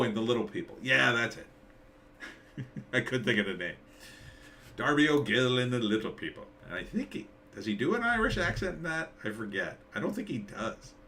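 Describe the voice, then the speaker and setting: A man's voice: medium pitch, pushed and bright, a little hiss or hum. A middle-aged man hosting a live stream, rambling sarcastically and reading out chat comments. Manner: rambling, sarcastic, reads chat names aloud.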